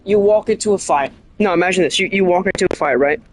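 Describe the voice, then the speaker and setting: A streamer chatting casually about a game in a rambling, excitable way, often restarting and correcting themselves. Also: mid-range voice, quick pace, a little hiss or hum. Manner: animated storytelling with bursts of laughter.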